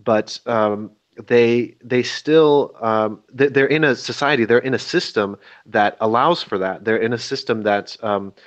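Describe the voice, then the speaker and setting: A man's voice: medium pitch, unhurried. A man in a casual online book discussion, speaking hesitantly with many restarts. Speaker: book club participant. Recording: slightly dull online call audio.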